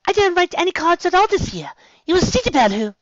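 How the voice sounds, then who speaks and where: An elegant grown mare speaks in a refined, airy way, firm but gentle, played by a woman. Her pitch rises and falls expressively. The sound is dry and a little muffled. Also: big pitch swings, fast talker, no room sound. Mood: insistent.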